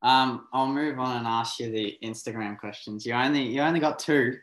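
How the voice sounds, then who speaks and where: With a steady, slightly bright mid-range voice at ordinary pace, this late-teen Australian podcast host asks relaxed interview questions, filling them with plenty of ums. There's a roomy echo around him.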